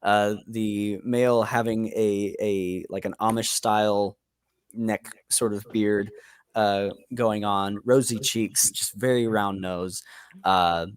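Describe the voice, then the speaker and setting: Halting male game master. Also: on the low side, fairly even intonation, clear, resonant tone, no room sound. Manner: halting, with many fillers and restarts. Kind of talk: narrating a tabletop game.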